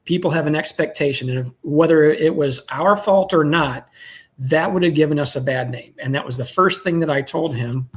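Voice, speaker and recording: A man who keeps bees, telling a story in relaxed, rambling chat and clearing his throat often. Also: a little high, moderate pace. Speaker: beekeeper selling nucleus colonies.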